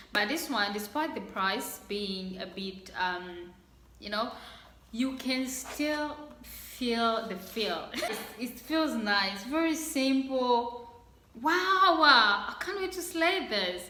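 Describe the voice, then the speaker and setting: Bubbly young woman unboxing stuff, bright voice, slow gushy talk, echoey room. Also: medium pitch. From Congo. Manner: bubbly, gushing, laughs often. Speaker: vlogger. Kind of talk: casual unboxing chat.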